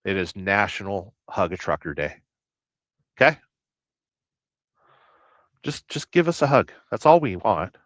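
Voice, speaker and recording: An American truck driver hosting a casual livestream, rambling through jokes and viewer comments with a deadpan, blustery manner. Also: male voice, fairly low pitch, a little slow, pauses often, dry recording. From United States. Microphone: livestream mic. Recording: dry, dull lo-fi stream audio.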